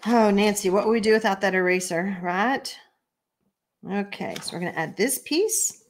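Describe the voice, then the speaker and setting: A woman's voice: mid-range voice, moderate pace, a little hiss or hum. A Texan woman hosting a live card-making tutorial, chatty and folksy, laughing often and reading viewer comments aloud. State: allergies, watery eyes. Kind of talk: live stream craft tutorial.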